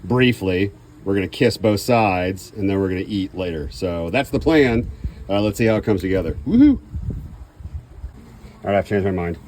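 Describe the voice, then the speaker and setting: A man's voice: deep voice, brisk, a little mellow, a little hiss or hum. A man in a casual cooking vlog, chatty and self-deprecating, thinking aloud as he grills outdoors. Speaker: home cook.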